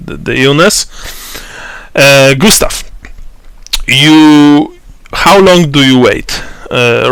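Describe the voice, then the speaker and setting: A man narrating a tabletop role-playing game as game master, slow and halting with many fillers and restarts. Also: medium pitch, fairly bright tone, smooth, no echo.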